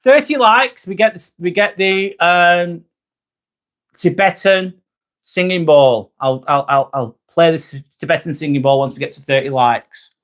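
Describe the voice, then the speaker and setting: A man's voice: on the high side, steady tone, measured pace, a bit bright. A man hosting a casual live stream, joking, laughing often and answering chat comments.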